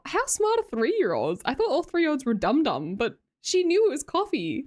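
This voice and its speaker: A woman's voice: high voice, wildly swooping pitch, normal speed. A young Australian woman with an Australian accent chatting casually as a live streamer, giggly and self-mocking while she reads out viewer comments.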